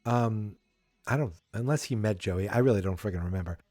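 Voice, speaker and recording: A man's voice: lowish voice, fairly quick, darkish tone, dry recording, studio quality, soft background music. A man hosting a podcast, casually recapping a sitcom episode in a rambling, chatty way with wry asides. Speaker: podcast host.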